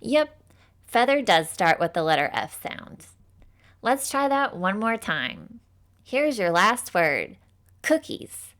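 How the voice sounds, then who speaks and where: A woman teaching a children's phonics lesson in a slow, scripted way. She is upbeat and encouraging, praises often, and sounds out letters with careful, exaggerated enunciation. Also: medium pitch, big pitch swings, a bit bright.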